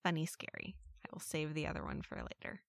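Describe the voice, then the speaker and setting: A woman co-hosting a casual podcast, chatting and reading listener stories aloud. Her voice sits a little low, and her delivery is wry and amused. The recording is dry and close, with no room sound. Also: wildly swooping pitch, fast, creaky, no room sound.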